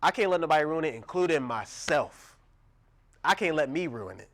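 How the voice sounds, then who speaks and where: Animated young man preaching, raised voice. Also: fairly high pitch, normal speed. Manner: animated, laughing, acts out quoted voices. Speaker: pastor. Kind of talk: sermon.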